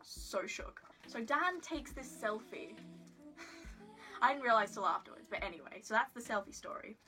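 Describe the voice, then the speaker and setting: A woman's voice: on the high side, animated, moderate pace, pushed and bright, faint music behind. A woman telling a story to her phone camera in a casual vlog, giggly and rambling with lots of "like" and self-deprecating asides. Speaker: vlogger.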